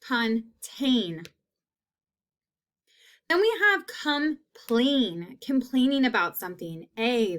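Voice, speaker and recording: A woman teacher giving a phonics lesson, repeating each word slowly and clearly. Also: on the high side, fairly bright tone.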